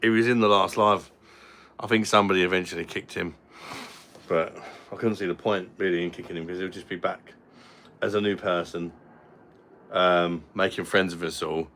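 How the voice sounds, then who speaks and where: A man's voice: low-pitched, bright, forceful tone. Blunt British man on a livestream. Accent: British English. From Britain. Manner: blunt, joking, swears casually. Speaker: livestream host. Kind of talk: casual livestream chat reading comments.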